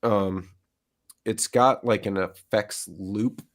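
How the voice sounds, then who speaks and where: A man's voice: fairly low pitch, fairly even intonation, slow. A middle-aged man co-hosting a live stream, chatting casually with lots of fillers. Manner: rambling, filler-heavy. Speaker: co-host. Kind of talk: casual chat.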